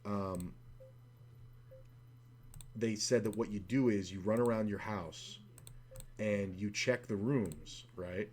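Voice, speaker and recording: Low-voiced man, swearing poker streamer. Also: takes it slowly, pauses often, a little mellow, slight background noise. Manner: profane, rambling, full of fillers. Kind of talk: casual storytelling while playing online poker.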